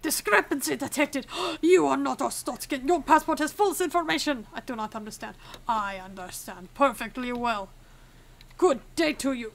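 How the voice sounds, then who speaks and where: A young woman gaming host plays a border inspector in character, putting on a mock accent from the game's fictional country. Her voice is a little high, close to her everyday one, at a moderate pace with slight background noise, and her phrasing is formal, clipped and officious.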